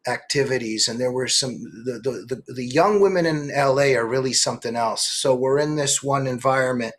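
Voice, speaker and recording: A middle-aged man, an author interviewed as a guest, telling animated stories with many quick restarts. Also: mid-range voice. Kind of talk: political interview.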